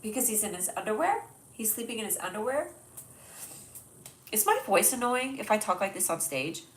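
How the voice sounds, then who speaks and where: A woman's voice: mid-range voice, big pitch swings, moderate pace, slight background noise, rough recording. A young adult woman with a stuffy nose, hosting a casual live stream, rambling and self-deprecating as she reads viewers' jokes aloud. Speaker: host. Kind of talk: casual livestream chat.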